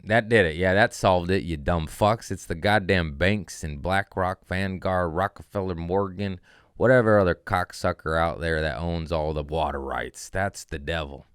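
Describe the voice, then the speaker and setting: A man with a low, smooth and resonant voice, recorded close and dry, talking through a loose comedy podcast monologue. He riffs casually, mocks himself, and swings into profane, heated rants. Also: moderate pace, no room sound. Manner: profane ranting with rising outbursts; riffing, self-mocking asides.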